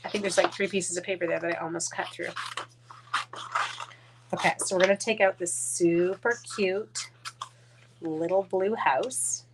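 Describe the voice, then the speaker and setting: A woman's voice: mid-range voice, a bit bright. A woman from Canada chatting casually through a live-stream craft demo, rambling, muttering asides under her breath and talking to her dogs. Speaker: card-making demonstrator.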